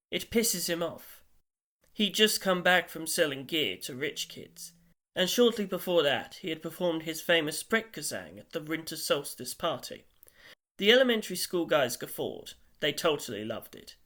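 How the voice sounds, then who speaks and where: A man reading a story aloud as an audiobook narrator, in a measured and wry manner. His voice sits a little high and sounds bright and forward.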